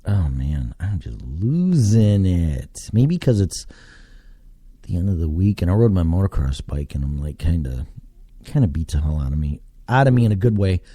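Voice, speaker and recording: A man's voice: deep voice, big pitch swings, moderate pace, dark tone, husky, dry recording, studio quality. A man from Texas, hosting a casual solo podcast from his basement and rambling as he thinks aloud, with casual swearing. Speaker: podcast host. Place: home basement.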